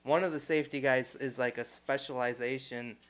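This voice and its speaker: A young man co-hosting a casual podcast chat, telling a story with lots of fillers, swearing and loud acted-out quotes. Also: mid-range voice, fairly quick. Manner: animated, swears freely, acts out quotes loudly. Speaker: podcast co-host.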